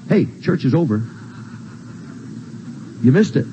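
A man's voice: sits high, expressive, normal speed, creaky, darkish tone, husky, poor audio. An older man preaching a sermon, folksy and emphatic, repeating his points. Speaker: pastor. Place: church sanctuary.

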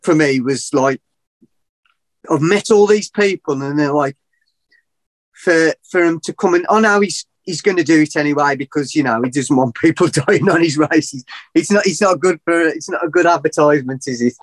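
A middle-aged man telling a long story as a podcast guest, animated and rambling, often laughing at himself. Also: a little high, moderate pace, no echo. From England. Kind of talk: casual storytelling.

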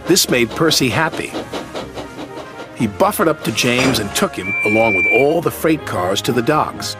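A man reads a children's storybook aloud, his mid-pitched voice rising and falling with lively expression. Music plays clearly behind him. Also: unhurried. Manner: animated reading. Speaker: narrator. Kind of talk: storybook narration.

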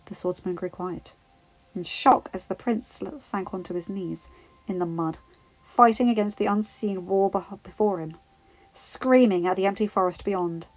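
A woman narrating a fanfiction story in an even, measured reading voice. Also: mid-range voice, dry recording. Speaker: fanfiction reader. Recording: dull lo-fi, dry.

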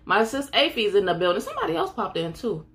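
A woman teaches a Bible study in a preacher's call-and-response style. She greets viewers by name and repeats key lines for emphasis, speaking at a middle pitch into a phone. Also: sing-song, fast talker, a bit bright, a little hiss or hum.

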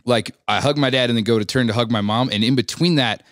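A man's voice: mid-range voice, fast talker, fairly bright tone, no room sound, studio quality. Laid-back man telling a rambling story. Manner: laid-back, rambling, many fillers and swearing. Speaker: band member guest. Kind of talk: casual storytelling in interview.

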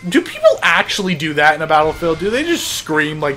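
A gameplay commentator talking casually over a video game, excitable and sarcastic, often breaking into laughter. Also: mid-range voice, brisk, few pauses, soft background music. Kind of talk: casual let's-play commentary.

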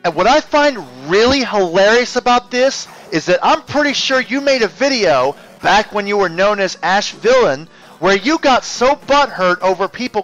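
A man's voice: sits high, a bit bright, muffled recording. A man narrating a combative, sarcastic exposé as a YouTube commentator.

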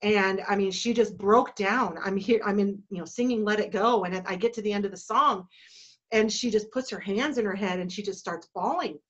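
A woman in her forties from Colorado, telling stories in a heartfelt, halting way and getting teary. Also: medium pitch, fairly bright tone, dull audio. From Colorado, USA. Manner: emotional, heartfelt, halting with restarts. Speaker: entertainment company owner. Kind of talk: reflective storytelling in a virtual talk. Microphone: video call.

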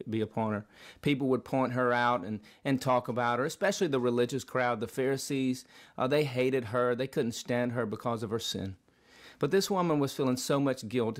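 A man giving a daily devotional Bible teaching in a vlog, speaking earnestly with repeated phrases and occasional restarts. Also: mid-range voice. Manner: earnest, repetitive preaching cadence with restarts. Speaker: vlogger preacher.

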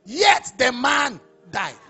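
High-voiced impassioned Nigerian preacher man. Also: big pitch swings, slow pace, vocal fry, husky, soft background music. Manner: impassioned, swings from low murmurs to shouting. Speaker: apostle preaching. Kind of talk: sermon.

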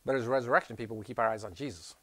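A man's voice: mid-range voice, rapid-fire, no room sound. Man, pastor, sermon, emphatic, raised voice in places, dry close sound. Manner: animated and emphatic, swinging from loud to soft; tells the story and asks the audience questions.

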